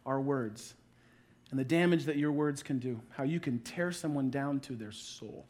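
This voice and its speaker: A man in his thirties preaching a sermon, playful and storytelling, acting out little everyday scenes with quick asides. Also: medium pitch, darkish tone. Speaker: pastor.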